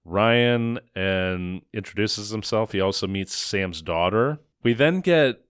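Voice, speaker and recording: A man's voice: fairly low pitch, slow, smooth, no echo, clean studio sound. A man co-hosting a podcast, recapping a movie in casual, sarcastic chat, swearing and acting out lines. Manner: animated, sarcastic, swears, acts out quotes. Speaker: podcast co-host.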